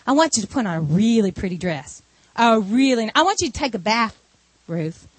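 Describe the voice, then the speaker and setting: A woman's voice: a little high, sing-song, normal speed, breathy edge, no echo, pitched below the performer's own voice. A woman preacher voicing an older mother-in-law who gives firm, matter-of-fact instructions. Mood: instructing.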